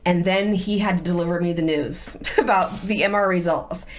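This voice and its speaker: A woman's voice: lowish voice, moderate pace, slight background noise. A middle-aged woman, a guest and the host's wife, telling a personal story in candid conversation and acting out the voices of people she quotes. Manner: animated, acts out quoted voices.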